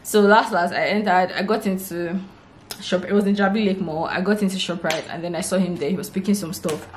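Brief: young Nigerian woman vlogger, low voice, lively chatty storytelling, echoey room. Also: brisk. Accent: Nigerian English. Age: 20s. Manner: lively retelling, acting out what people said. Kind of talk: casual storytelling vlog. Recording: roomy echo, faint background hiss.

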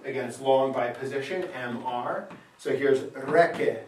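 A man's voice: medium pitch, measured pace, slight background noise. A man teaching a Latin lesson in a classroom, scanning verse aloud, patiently asking questions and confirming answers. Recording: echoey room, mic far off.

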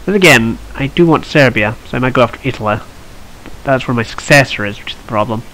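A man's voice: mid-range voice, lively intonation, fast talker, fairly bright tone, slight background noise, poor audio. A man hosting a strategy game let's play, chatting and thinking aloud with wry asides. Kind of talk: strategy gameplay commentary.

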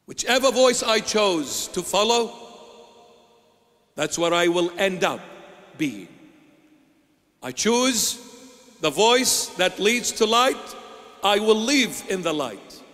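A male bishop preaching a sermon, asking rhetorical questions and answering them himself in a slow, emphatic delivery. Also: high-pitched, sing-song, fairly bright tone, long reverb tail.

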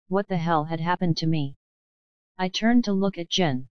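A woman narrating a novel in the first person, in a measured storytelling manner. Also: fairly low pitch, clear, resonant tone, no room sound, dull audio. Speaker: audiobook narrator. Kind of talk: scripted audiobook narration.

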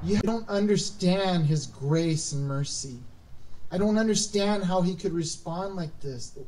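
Casting: high-voiced, mellow-toned male pastor, lively sermon delivery, mic set back with faint noise. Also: measured pace, distant mic, low-quality recording. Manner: animated, acts out quoted voices, emphatic rises. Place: church.

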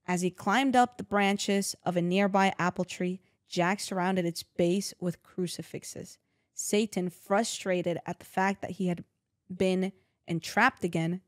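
A woman's voice: on the low side, steady tone, a little slow, dry recording. Young woman, casual reader, dry close mic, jokey asides. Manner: laughing, swearing, jokey asides while reading. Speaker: co-host reading a legend aloud. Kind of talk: casual chat with read-aloud storytelling. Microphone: own microphone.

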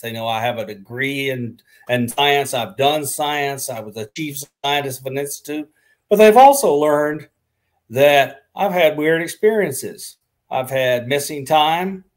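A man who is a scientist, talking casually as a talk show guest, halting and repeating words. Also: on the high side.

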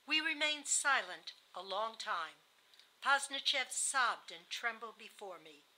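A woman reading novel narration aloud in a measured way. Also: a little high, expressive, bright, forceful tone, poor audio. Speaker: audiobook reader.

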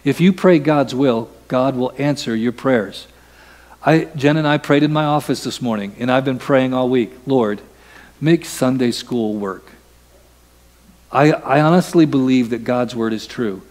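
A man's voice: mid-range voice, normal speed, a little mellow, in a large hall. A man preaching a sermon as pastor, talking in a conversational way and acting out quoted voices. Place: church sanctuary.

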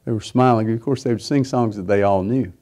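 Low, mellow man telling a story. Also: a little fast. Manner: rambling storytelling, frequent fillers and restarts. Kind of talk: sermon testimony.

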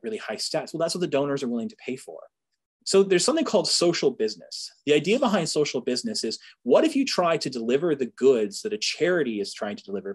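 A man's voice: mid-range voice, husky. A man from the Boston area, a university professor, giving an informal lecture to alumni with joking asides and frequent "right?" tags.

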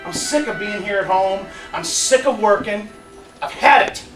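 A man's voice: sits high, expressive, normal speed, reverberant, far from the mic, over music, low-quality recording. A man voicing an impatient, demanding young son in a kids' story lesson. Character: restless, brash young son.

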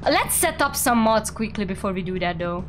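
A young woman hosting a casual game stream, playful and teasing, quick to exclaim. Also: mid-range voice, animated, noisy background. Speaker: streamer and VTuber host.

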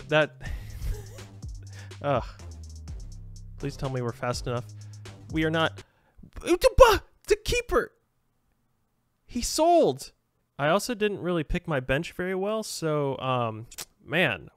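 A young man giving jokey, excitable commentary on his own football video game match, shouting at his players. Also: fairly high pitch. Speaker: gaming YouTuber. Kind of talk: casual gameplay commentary.

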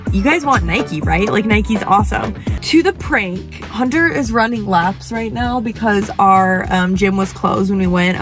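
A young woman hosting a vlog, talking to camera in a chatty, eager way. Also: medium pitch. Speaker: vlogger host. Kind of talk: casual talk to camera. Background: background music.

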